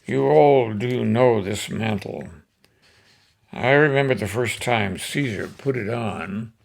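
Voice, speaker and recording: A man's voice: medium pitch, slow pace, gravelly. A man reading the part of a grieving Roman orator, declaiming to stir a crowd. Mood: impassioned. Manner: impassioned, declamatory.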